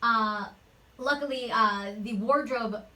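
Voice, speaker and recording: Woman actress chatting away in a home studio interview, bit high voice, sounds slightly off mic. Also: slow, recorded from a distance, low-quality recording. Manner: lively, chatty anecdotal storytelling. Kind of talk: interview storytelling.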